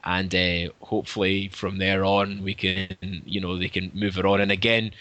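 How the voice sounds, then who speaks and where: A man's voice: sits low, little pitch movement, moderate pace, sharp tone. A man, co-hosting a casual fan chat and often searching for words. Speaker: podcast co-host.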